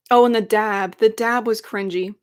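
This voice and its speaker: A young woman in her twenties rants casually to her stream chat, sarcastic and full of likes and ums. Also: a little high.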